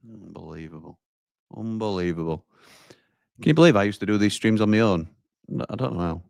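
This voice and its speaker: A man's voice: fairly low pitch, fairly quick, creaky, darkish tone, dry recording, studio quality. A man hosting a casual live football watchalong and reading out viewer comments in a chatty, easygoing way. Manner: chatty, laughs easily, reads out viewer comments. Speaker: host of a football watchalong stream.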